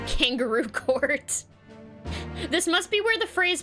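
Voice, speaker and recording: Giggly high-pitched woman streaming a game. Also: lively intonation, slow, over music. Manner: giggly, swears freely. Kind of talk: casual game stream commentary.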